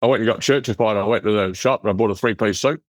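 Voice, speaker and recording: Aussie bloke rattling off a story quick, low-ish voice, rough and blunt, dry close sound. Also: male voice, no room sound. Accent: Australian. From Western Australia. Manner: rough, blunt and animated, acts out the voices he quotes. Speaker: interview guest. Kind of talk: casual storytelling.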